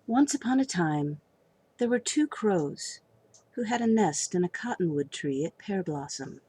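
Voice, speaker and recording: A woman reading a children's storybook aloud, lively and expressive. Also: fairly low pitch, measured pace, breathy edge.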